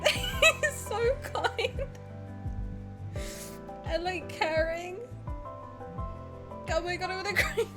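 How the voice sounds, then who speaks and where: High, lively, emotional young woman streamer. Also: slow, long pauses, music in the background. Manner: emotional, laughing, swearing freely. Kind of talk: casual reaction stream.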